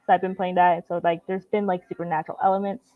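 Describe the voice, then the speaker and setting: A woman guest on a livestream talk show, chatting casually and relaxed, with lots of "like" and "you know" fillers. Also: lowish voice, fast, dry recording, phone-quality sound. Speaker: guest streamer. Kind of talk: casual chat.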